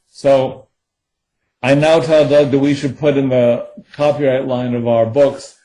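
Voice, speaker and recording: A man's voice: medium pitch, level tone, unhurried, mellow, rough recording. A man, a thriller co-author, answering interview questions in a rambling way with many fillers.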